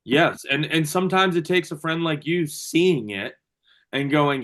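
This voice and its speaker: A man's voice: fairly high pitch, lively intonation, a little slow, fairly bright tone. A male strength coach talks through a video call in a loose, easygoing way. He restarts sentences and fills gaps with "um" and "like" as he answers members' questions. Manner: loose and chatty, many fillers and restarts.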